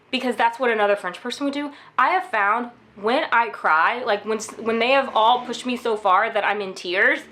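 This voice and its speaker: A woman's voice: on the high side, fairly bright tone. A young American woman giving candid, casual advice in a chatty vlog monologue, full of fillers. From United States. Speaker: vlogger.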